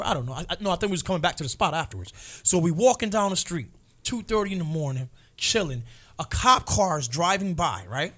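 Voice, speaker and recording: A man in his forties telling a story in casual chat, acting out the people in it with loud, mocking voices. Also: high voice, animated, fast.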